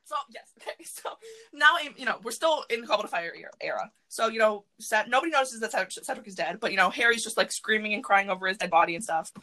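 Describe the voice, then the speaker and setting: A woman hosting a podcast from her closet, chatting casually and rambling excitedly with lots of fillers. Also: mid-range voice, fast talker, poor audio. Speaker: podcast host. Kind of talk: casual chat.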